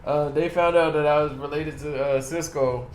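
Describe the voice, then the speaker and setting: A man with a slightly high voice tells stories on a podcast and acts out the voices of the people he quotes. He talks loosely and casually and laughs often. The room is echoey, with a faint hiss behind him. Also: fairly even intonation, moderate pace. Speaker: tattoo artist guest. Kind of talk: casual storytelling interview.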